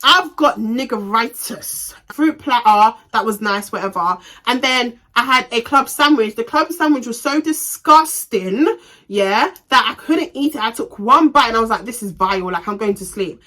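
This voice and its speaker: A young woman telling a storytime on her vlog in a casual, animated, slangy way with plenty of swearing. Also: on the high side, a little slow. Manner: animated, profane, slangy retelling. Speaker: vlogger.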